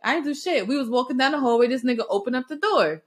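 A young woman hosting a podcast, telling profane, animated stories between bursts of laughter. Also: high voice, quick pace. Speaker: podcast host. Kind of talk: casual storytelling chat.

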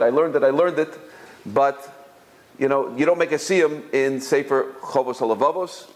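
A man giving an informal religious lesson, telling stories and often repeating words as he searches for his phrasing. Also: a little hiss or hum. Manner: storytelling, jumps higher when quoting others. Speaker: Torah teacher.

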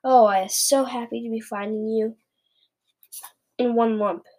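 Woman voicing a kindly big giant, gentle, earnest, muddled grammar, fairly high voice, storybook reading. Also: steady tone, measured pace.

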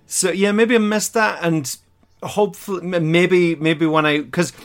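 A man's voice: high-pitched, fairly even intonation, a little slow. A man co-hosting a podcast, casually recapping an episode, chatty and hesitant with many fillers. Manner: chatty and hesitant, lots of fillers, laughs as he talks. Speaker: podcast co-host watching a classic series for the first time.

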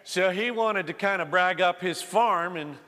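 A man's voice: sits high, unhurried, bright, forceful tone, in a large hall. A middle-aged male pastor preaching a sermon in a church sanctuary, telling stories in a folksy way with many fillers and restarts.

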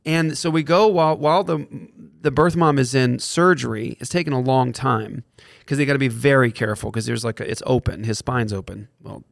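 A man's voice: mid-range voice, a little fast, gravelly, no room sound, studio quality. A man speaking as a podcast guest, telling an earnest story and acting out the dialogue as he goes. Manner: acts out quoted dialogue while telling a story. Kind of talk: animated storytelling in conversation.

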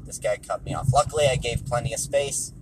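A man's voice: medium pitch, fairly quick, noisy background. Man talking casually while driving. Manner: conversational, repeats points for emphasis. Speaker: movie reviewer. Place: car on the road.

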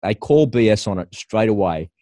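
Scornful Australian man, low and dry. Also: animated, moderate pace, warm tone, no echo. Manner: scornful, laughing at his own points. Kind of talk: opinion monologue.

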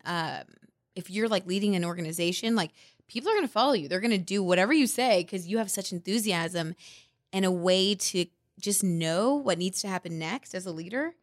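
A woman chatting on a podcast, explaining star signs to her hosts with lots of "like"s. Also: mid-range voice. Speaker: astrology guest. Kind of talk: casual podcast chat.

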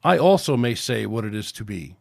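A man's voice: lowish voice, animated, brisk, vocal fry. A man reading aloud and voicing a defensive male alien leader of the working class who speaks emphatically. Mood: defiant. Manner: barking, emphatic.

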